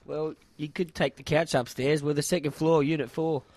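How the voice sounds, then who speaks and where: A man's voice: on the high side, steady tone, moderate pace, darkish tone, dry recording. A man voicing a lazy, crude working-class husband in an amateur comedy script read-through. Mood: grumbling. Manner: grumbling, crude.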